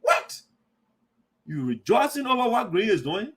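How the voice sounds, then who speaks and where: A man's voice: high voice, very animated, unhurried, a bit bright, husky. A man hosting an online radio show, giving heated, repetitive political commentary and calling the listener "my brother.". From Liberia.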